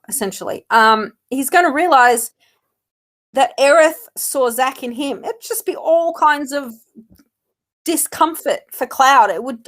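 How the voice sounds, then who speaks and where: A woman arguing her side in a casual fan debate, firm and emphatic. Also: a little high.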